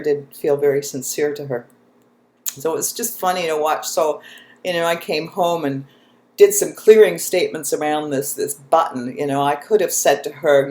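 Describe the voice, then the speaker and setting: Animated storytelling woman, echoey room. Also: sits low. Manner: animated, laughs often, tells stories. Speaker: host, spiritual channel. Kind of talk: casual chat, storytelling.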